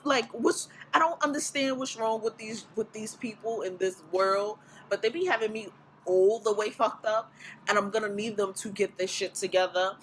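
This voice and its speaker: A woman's voice: medium pitch, a little hiss or hum, rough recording. Blunt, profane woman telling a story. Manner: blunt, profane, animated retelling. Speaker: vlogger. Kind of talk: casual storytime.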